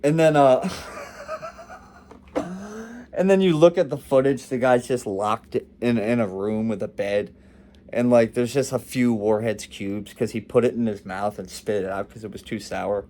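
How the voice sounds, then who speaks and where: A man's voice: medium pitch, moderate pace, warm tone, a little hiss or hum. A young man vlogging in a loose, rambling, joking monologue.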